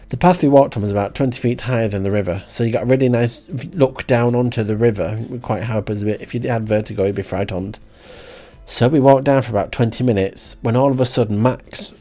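Deadpan rambling male storyteller. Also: on the low side. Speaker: comic diarist. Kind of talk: comic audio diary storytelling.

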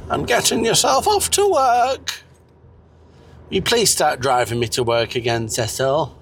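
A man voicing a high-pitched, fussy man who scolds and nags in a shrill voice. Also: lively intonation, measured pace, gravelly, fairly bright tone, slight background noise, full character voice. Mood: teasing.

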